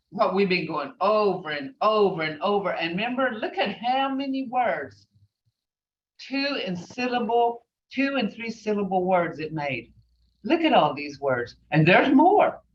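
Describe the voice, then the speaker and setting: Slow, patient woman teacher, far off. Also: mid-range voice, a bit bright. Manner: spells out sounds letter by letter, repeats words slowly. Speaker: language teacher. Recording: far, roomy, dull, faintly noisy classroom recording.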